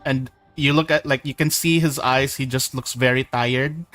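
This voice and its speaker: A man's voice: mid-range voice, steady tone, moderate pace, a bit bright, dry recording, soft background music, rough recording. A man running a tabletop game as game master, describing scenes in a rambling way with many restarts. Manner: rambling, full of likes and restarts.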